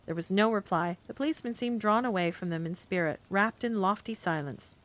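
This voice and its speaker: A woman reads a bedtime story aloud in a gentle, unhurried manner, her voice mid-pitched and even. She narrates steadily for a cozy stream, now and then chatting between passages. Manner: gentle, calm storytelling with asides to chat. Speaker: streamer reading a book aloud.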